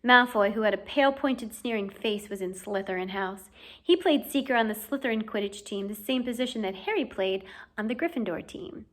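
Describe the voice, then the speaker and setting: A woman reading a novel aloud as audiobook narration, in clear, steady storytelling. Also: mid-range voice, brisk. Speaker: audiobook reader.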